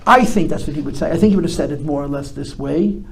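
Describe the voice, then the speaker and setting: Male rabbi fielding audience questions, gravelly, slightly high, builds to emphatic peaks. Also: fast talker. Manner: reflective, rising to emphatic bursts. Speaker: rabbi giving a talk. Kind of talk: live talk answering audience questions. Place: talk before a live audience.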